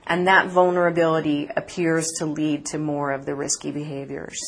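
Woman, reporter, radio interview guest, low voice, husky, measured. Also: little pitch movement. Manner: articulate, measured, with occasional fillers. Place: conference city, remote from host.

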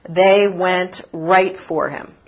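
A woman reporter answering interview questions in an articulate, measured way, with occasional fillers. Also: lowish voice. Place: conference city, remote from host.

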